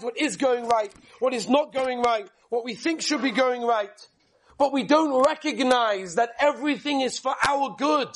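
A man preaching a Torah talk with a very high, husky voice. He tells a tale with lively rhetorical questions, dropping soft and then bursting loud for effect. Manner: animated, rhetorical questions, dramatic swings in volume. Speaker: rabbi giving a Torah talk. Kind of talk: sermon storytelling.

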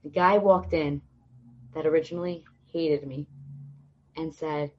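A woman's voice: low voice, measured pace, pauses often, muffled recording, a little hiss or hum. A young woman, a podcast guest, telling stories in conversation and acting out the voices of the people in them. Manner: lively storyteller acting out quoted voices. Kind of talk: storytelling in conversation.

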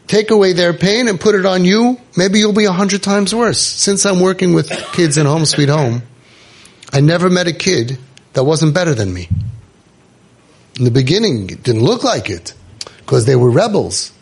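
A middle-aged man with a somewhat high, gravelly voice speaks in an informal inspirational talk. His tone is husky, and he tells stories emphatically, slipping into the voices of the people he quotes. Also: expressive, moderate pace. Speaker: youth program founder and speaker.

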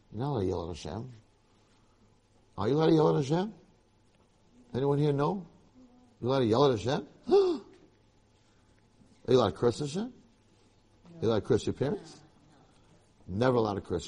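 Brief: low, husky man, lively lecturer, long hall echo. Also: fairly quick, long pauses. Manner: animated storytelling, rising to loud emphasis. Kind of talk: Torah lecture to a live audience.

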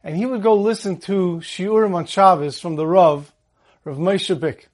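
High-voiced man giving a Torah talk. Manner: calm storytelling, slows on Hebrew verses. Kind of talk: holiday Torah talk with a story.

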